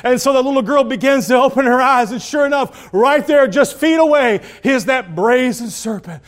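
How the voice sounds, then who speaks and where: A man preaching a sermon, telling a story dramatically and swinging from hushed tones to loud calls. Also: very high-pitched, normal speed. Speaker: pastor.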